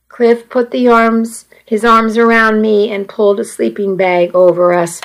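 A woman narrating a first-person story in an audiobook, measured and earnest. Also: a little high, flat delivery, rough recording.

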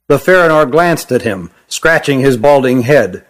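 A man reading a fantasy novel aloud as the narrator, in a steady, even storytelling manner. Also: medium pitch, normal speed, hardly any pauses. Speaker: audiobook narrator. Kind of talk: scripted narration.

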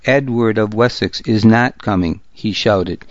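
A narrator's low voice playing a seething Danish warlord, sneering and drawn out. He spits insults slowly, through dull, dry audio. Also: no echo, close to an everyday voice. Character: scornful Danish warlord, grown man, furious.

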